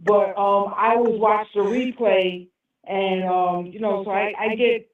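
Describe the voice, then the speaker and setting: A woman's voice: medium pitch, fairly even intonation, a little slow. An older woman calling in, speaking hesitantly with many fillers. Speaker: caller. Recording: tinny phone line, echoey, distant.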